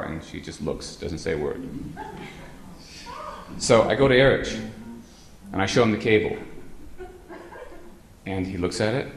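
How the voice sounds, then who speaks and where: Brief: low-pitched male speaker, rambling humorous anecdotes to an audience, hall echo. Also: animated, unhurried, pauses often. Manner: rambling anecdotal delivery, frequent hesitant fillers. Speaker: guest speaker. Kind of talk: humorous storytelling talk to a live audience. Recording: roomy hall sound with faint ambience.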